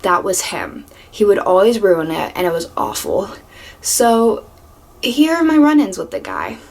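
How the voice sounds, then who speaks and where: A young adult woman telling work stories in a casual storytime vlog, animated and swearing freely, sometimes dropping to a whisper for asides. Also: mid-range voice, a little slow, vocal fry. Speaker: vlogger. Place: home room with a fan.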